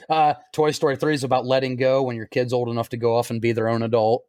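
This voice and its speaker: Laughing, lively podcast man. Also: medium pitch, fast talker, dry recording, studio quality. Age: 30s. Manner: laughs often, animated retelling of scenes. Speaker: podcast co-host. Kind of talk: casual chat.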